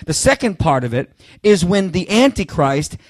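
A man with a fairly high voice delivers a sermon, pressing his points with sudden loud bursts and talking straight to his listeners. He stumbles and restarts phrases as he goes. The sound is dry and close, with no room around it. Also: very animated, no echo. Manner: emphatic, rising to loud bursts on key phrases; halting restarts, addresses listeners directly. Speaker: preacher.

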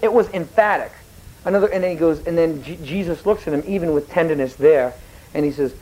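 In a classroom, a teacher delivers a history lecture that rambles and digresses, with mid-sentence self-corrections and questions put to the students. The voice is medium in pitch, fairly quick, and warm, and the recording is rough.

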